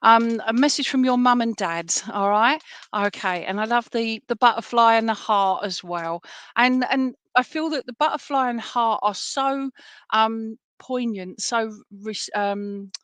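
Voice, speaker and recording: A woman, working as a spiritualist medium and relaying messages to people at an online service in a gentle, reassuring way, often checking in with "all right?". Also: fairly high pitch, a little slow, clean tone, dry recording. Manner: gentle, reassuring, full of fillers and "all right?" tag questions. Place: at home for an online church service.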